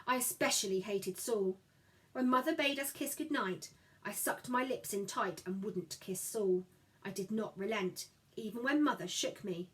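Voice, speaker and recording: A woman narrating a story in the first person, expressive and voicing each character. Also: medium pitch, moderate pace, rough recording. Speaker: audiobook narrator.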